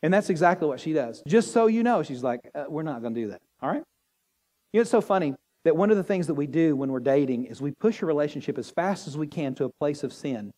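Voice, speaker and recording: A man preaching a sermon as pastor, animated and joking with the congregation. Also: fairly high pitch, fast. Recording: long hall reverb.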